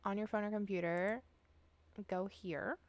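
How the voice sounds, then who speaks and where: A woman's voice: medium pitch, fairly even intonation, a little slow, no room sound. A woman live streaming from home, chatting casually and swearing freely as she talks straight to her viewers while setting up a game.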